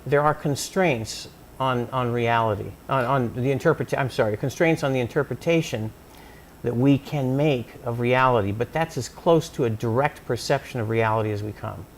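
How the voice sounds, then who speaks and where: A man's voice: medium pitch, normal speed, a little hiss or hum. Thoughtful man explaining with many restarts. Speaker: psychoanalyst interviewee. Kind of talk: thoughtful conversational interview.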